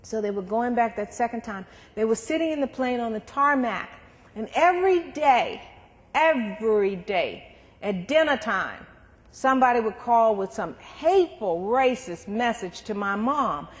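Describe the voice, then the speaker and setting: A middle-aged woman, giving a talk to students and telling personal stories in a lively way. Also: fairly high pitch, measured pace. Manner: warm, animated storytelling with acted quotes. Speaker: guest speaker. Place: lecture hall. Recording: long hall reverb.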